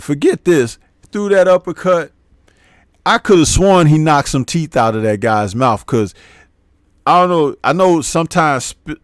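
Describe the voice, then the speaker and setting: A man's voice: mid-range voice, no room sound, clean studio sound. A man hosting a boxing show, giving casual post-fight commentary and reading out live chat, rambling and chuckling at his own jokes.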